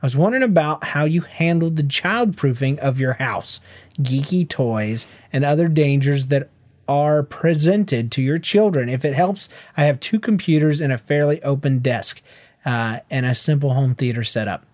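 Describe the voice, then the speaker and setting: A man's voice: on the high side, normal speed, darkish tone, no echo. A man co-hosting a casual podcast with his wife, joking, teasing and reading listener emails aloud. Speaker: podcast co-host. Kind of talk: casual chat.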